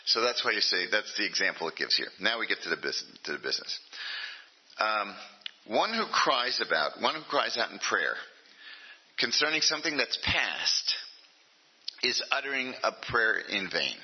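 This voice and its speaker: A man's voice: fairly low pitch, husky, muffled recording. An older man, a rabbi, giving an informal lecture to an adult class, talking conversationally and checking in with his listeners often. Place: meeting room with a class.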